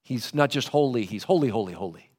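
A man preaching a sermon, lively in delivery, dropping low and soft when quoting scripture. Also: quick pace, husky. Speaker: pastor.

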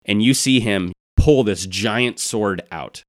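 A man running a tabletop role-playing game, narrating scenes in a measured, descriptive way. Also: lowish voice, no echo, clean studio sound. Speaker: game master.

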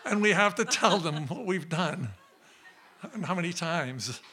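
Bright, animated male storyteller on stage. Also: high voice, unhurried, slight background noise. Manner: animated, playful comic delivery. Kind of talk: live comic storytelling. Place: stage before a live audience.

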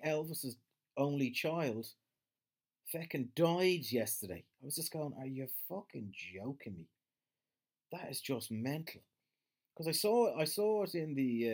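A man's voice: medium pitch, darkish tone. Rambling sweary Irish man. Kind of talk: casual solo chat.

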